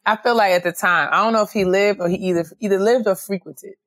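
A woman from the United States co-hosting a podcast, chatting casually and telling stories with quick asides. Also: mid-range voice, steady tone, dry recording. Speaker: podcast co-host. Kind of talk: casual chat.

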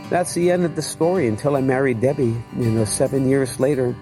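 A man's voice: medium pitch, fairly quick, over music, low-quality recording. An older man earnestly telling his personal faith testimony in an emotional storytelling way. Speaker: testimony speaker.

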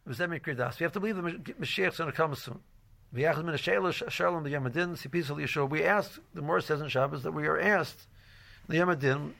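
A man's voice: fairly high pitch, gravelly, fairly bright tone. A man giving an informal religious lecture as a Torah class teacher, rambling with many "you know"s and restarts and mixing Hebrew and Yiddish terms into his English.

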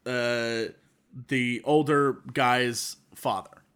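A man co-hosting a casual podcast, recapping a movie with sarcastic, animated storytelling and mock quotes. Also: medium pitch, extremely slow, clear, resonant tone. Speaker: podcast co-host.

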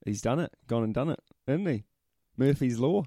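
A man's voice: medium pitch, animated, normal speed, warm tone, dry recording, studio quality. A man co-hosting a casual sports podcast, joking and teasing in a laid-back way. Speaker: podcast co-host.

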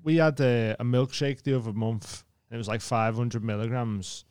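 Casting: male podcast host, smooth voice, dry close sound, quick jokey interjections. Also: mid-range voice, steady tone, a little mellow, dry recording. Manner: quick backchannels, chimes in with jokes. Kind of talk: casual chat.

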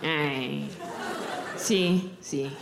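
A doting, very old Mexican grandma murmurs low, sighing coos, as a woman puts her on. Her voice swings up and down, and loud crowd laughter rolls behind it. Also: wildly swooping pitch, very slow, reverberant, very noisy, exaggerated voice. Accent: Mexican Spanish. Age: over 60.

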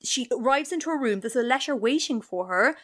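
A woman hosting a comedy podcast, telling a long story in a quick, animated way. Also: high voice.

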